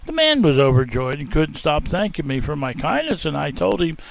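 A man's voice: a little high, sing-song, fairly quick, creaky, low-quality recording. A man performing a folksy first-person dramatic monologue, theatrical in manner. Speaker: storyteller in character.

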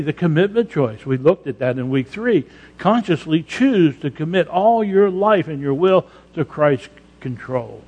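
A male pastor preaching an emphatic sermon, breaking into loud acted-out prayers. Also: on the high side. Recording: long hall reverb.

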